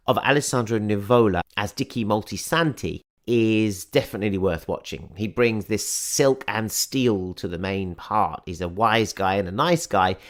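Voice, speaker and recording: A man hosting a film podcast, giving a chatty, enthusiastic and wry review. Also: fairly low pitch. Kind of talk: scripted film review and interview intro.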